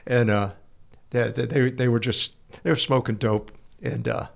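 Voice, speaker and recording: An older man, a veteran and author, telling stories in an interview, halting and repeating words, laughing along the way. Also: medium pitch, steady tone, gravelly. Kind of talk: casual storytelling interview.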